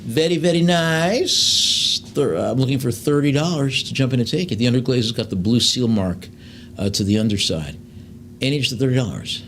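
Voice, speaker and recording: Gravelly male auctioneer calling bids. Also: medium pitch, slight background noise. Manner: fast bid calls between slower lot descriptions, with fillers.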